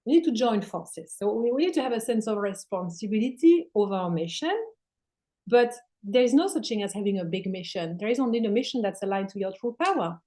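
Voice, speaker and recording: A woman spiritual teacher speaking as a guest in casual spiritual talk, swearing casually and sometimes dropping into soft near-whispers. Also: medium pitch, lively intonation, a little fast.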